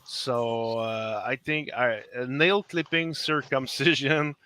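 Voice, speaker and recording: A man in a band, interviewed over a video call, halting with many uhs and laughing often. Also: mid-range voice, fairly even intonation, sharp tone. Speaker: band member and lyricist. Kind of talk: casual interview chat.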